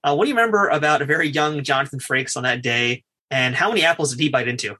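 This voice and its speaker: A man's voice: medium pitch, fast talker, bright, forceful tone, low-quality recording. A man hosting a podcast, asking a guest eager questions. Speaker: podcast host. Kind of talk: interview questions.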